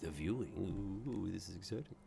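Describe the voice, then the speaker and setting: A man with a very deep voice hosts a late-night reaction stream. His voice has a gravelly, frying edge, and he sounds worn out. He rambles casually and jokes at his own expense, with faint music playing behind him. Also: normal speed, mellow. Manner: rambling and joking, laughing at himself. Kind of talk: casual commentary.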